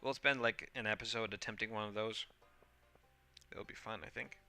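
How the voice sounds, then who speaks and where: Gravelly, bright-voiced man narrating gameplay. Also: lowish voice, steady tone, moderate pace, faint music behind. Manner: rambling, hesitant, playful. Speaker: gameplay host. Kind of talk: casual game commentary.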